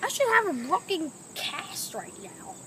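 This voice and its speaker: A young woman giving deadpan, mock-serious answers in an improvised spoof documentary, recorded outdoors. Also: very high-pitched, measured pace. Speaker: interviewee playing several mock experts.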